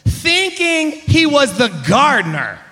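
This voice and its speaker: A man preaching a sermon as pastor, animated, acting out characters with shifting voice and loudness. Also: very high voice, takes it slowly.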